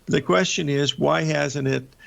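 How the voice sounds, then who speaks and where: Gravelly older man talking market charts. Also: on the high side, steady tone, unhurried, a bit bright. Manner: rambling, folksy, many filler uhs and restarts. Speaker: market show host. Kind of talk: live market commentary over charts. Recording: dull lo-fi broadcast audio.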